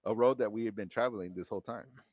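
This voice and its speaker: Male podcast guest, deep voice, laid-back storyteller who rambles with slang. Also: fast, darkish tone, dry recording, studio quality. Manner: loose and rambling, heavy slang and swearing. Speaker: podcast guest, former Marine. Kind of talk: casual storytelling.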